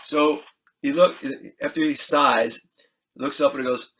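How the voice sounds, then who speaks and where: A man being interviewed as a musician, telling an animated, excitable anecdote, acting out scenes and swearing freely. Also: a little high, unhurried, slight background noise. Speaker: guest musician.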